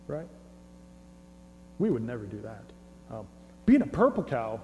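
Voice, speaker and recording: In a very animated but unhurried way, an American man preaches with a dark, medium-pitched voice, pausing often and stumbling over repeated words as he jokes conversationally. The recording has its highs cut off, with long hall reverb and a faint mains hum.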